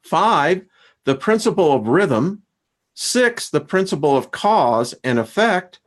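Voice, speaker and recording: A man's voice: fairly high pitch, sing-song, slow. A man hosting a casual spiritual discussion, laughing often and reading out a list of principles. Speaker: host.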